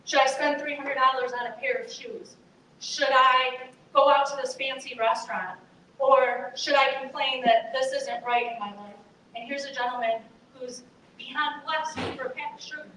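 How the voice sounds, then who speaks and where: Bright-voiced woman in an echoey hall. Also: high voice, steady tone, normal speed. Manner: earnest, conversational storytelling, addresses listeners directly. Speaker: chapel speaker. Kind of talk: testimony talk to students. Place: chapel hall. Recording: echoey hall, voice from far off, faint noise.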